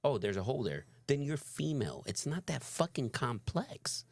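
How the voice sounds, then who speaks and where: A man's voice: mid-range voice, big pitch swings, normal speed, creaky, dry recording, clean studio sound. A man co-hosting a reaction video, giving emphatic commentary and swearing freely. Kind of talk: casual opinionated commentary.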